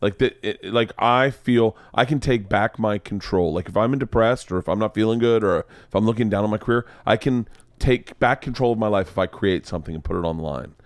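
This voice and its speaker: A man's voice: lowish voice, fairly quick, hardly any pauses, dry recording, clean studio sound. A man hosting a podcast in a casual chat, joking and laughing with his guest. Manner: jokey, laughs a lot, swears casually. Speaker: podcast host.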